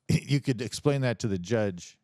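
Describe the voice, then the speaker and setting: A man's voice: mid-range voice, slow, mellow, no room sound, clean studio sound. A man co-hosting a comedy podcast, rambling with lots of restarts and chuckles. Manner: rambling, restarts often, chuckles mid-sentence. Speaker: podcast co-host. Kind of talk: casual comedic podcast banter.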